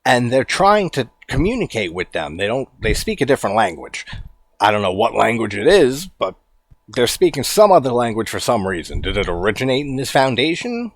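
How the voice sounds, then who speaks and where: A man giving a casual, animated movie commentary, incredulous and quick to swear and laugh. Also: medium pitch, dry recording. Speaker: horror movie reviewer.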